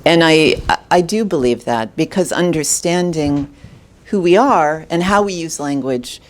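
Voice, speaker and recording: Low-voiced woman moderating a talk. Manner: halting, thoughtful, many restarts. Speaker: symposium moderator. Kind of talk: moderating an academic Q&A.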